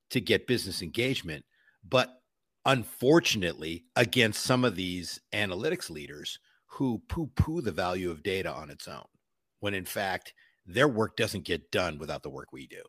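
Deep, husky, emphatic man. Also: no room sound, clean studio sound. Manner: emphatic, animated storytelling with mimicked quotes. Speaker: podcast guest. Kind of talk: conversational interview.

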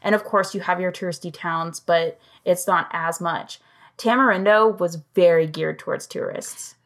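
A woman's voice: fairly low pitch, moderate pace. A young adult woman from the United States hosting a podcast, chatty and upbeat, reacting and asking follow-up questions in casual conversation. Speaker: podcast host.

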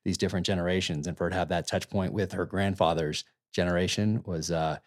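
A man's voice: deep voice, steady tone, fast talker. A man speaking reflectively in casual conversation. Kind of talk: casual chat.

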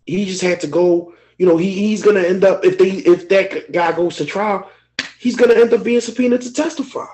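A man's voice: high-pitched, a little fast, a little mellow, a little hiss or hum, rough recording. A man co-hosting a podcast, talking openly and emotionally in casual chat, swearing freely. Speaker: podcast co-host.

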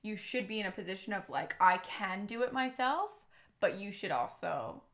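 Woman, podcast host, casual chat, animated storytelling, salty language. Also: mid-range voice, moderate pace. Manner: animated storyteller, swears freely.

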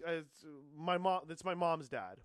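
A man's voice: fairly high pitch, lively intonation, unhurried, clear, resonant tone. A man telling a rambling, laughing story in a casual comedy chat, using crude slang.

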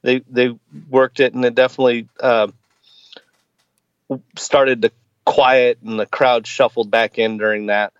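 A man's voice: mid-range voice, little pitch movement, measured pace, long pauses, smooth, dry recording, dull audio. A man in his forties, a podcast guest, chatting casually and hesitantly with many fillers and restarts. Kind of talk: casual chat.

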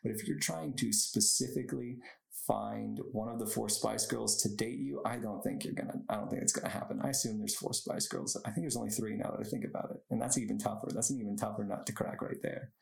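In an echoey room, a young man hosts a solo podcast, chatting casually, wandering off on tangents, and laughing a lot. His voice is fairly low with a steady tone, quick pace, and vocal fry.

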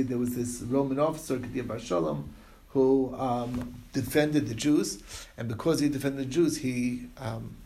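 Male Torah teacher, mid-pitched and a little gravelly, talking through stories in an easy, halting way with lots of fillers. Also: darkish tone, slight background noise. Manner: loose retelling full of fillers and restarts. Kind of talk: informal Talmud class.

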